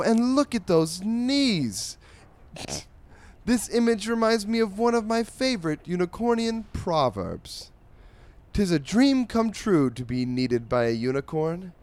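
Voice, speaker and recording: Man doing a high, posh, effusive reviewer voice for a comedy read-aloud, swooning and overblown. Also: big pitch swings, a little mellow, exaggerated voice. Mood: gushing. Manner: grandly effusive, drawn-out exclamations. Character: pompous, gushing fancy-voiced male reviewer.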